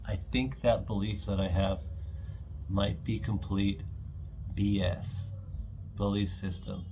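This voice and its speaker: A man's voice: on the low side, fairly even intonation, a little slow, long pauses, a little mellow, a little hiss or hum. A man giving a casual, enthusiastic tarot reading, chatty and often acting out imagined quotes. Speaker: tarot reader.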